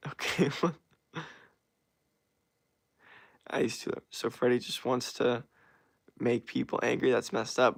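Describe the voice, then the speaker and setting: A man's voice: medium pitch, slow, vocal fry, pauses often, no echo, studio quality. A man streaming live and reading out his chat, blunt and profane, laughing often. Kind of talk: casual livestream chat.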